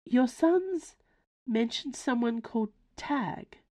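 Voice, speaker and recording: A woman's voice: a little high, lively intonation, takes it slowly, dark tone, voice pushed up. A woman voicing a polite, flustered young lady of good family who speaks a little breathlessly in a storybook reading.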